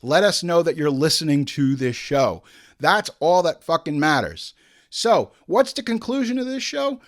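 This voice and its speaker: A man's voice: fairly high pitch, sing-song, moderate pace. Heated, profane male podcast host. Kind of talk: ranting review commentary.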